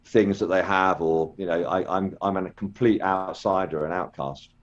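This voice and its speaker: Older guy, low voice, muffled lo-fi sound, rambles on with lots of ums. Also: fairly even intonation, normal speed. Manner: rambling, hesitant, many ums and restarts. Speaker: interview guest, former children's TV actor. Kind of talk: casual storytelling interview. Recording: dull lo-fi call audio.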